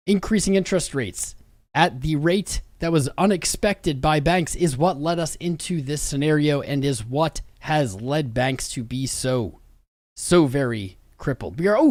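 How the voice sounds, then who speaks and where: A young man streaming crypto news with a fairly high voice that rambles between slang and market talk. He sounds worn out after a long day, yet keeps the hype going. The sound is close and dry, with no room echo. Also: a little mellow. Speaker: crypto livestream host. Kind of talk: casual livestream commentary.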